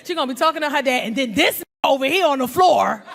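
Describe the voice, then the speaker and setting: A woman doing stand-up comedy on a club stage, brash and animated, acting out voices and working the crowd. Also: sits high, fast, gravelly. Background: audience laughter.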